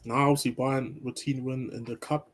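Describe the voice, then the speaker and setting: A man's voice: mid-range voice, level tone, fairly quick. A man in casual chat, hesitant and repeating his words.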